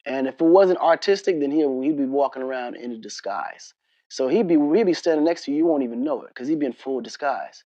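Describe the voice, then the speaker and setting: A man as an interview guest, telling casual, animated stories full of slang and laughter. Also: medium pitch, fast, no room sound, dull audio. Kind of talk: casual storytelling conversation.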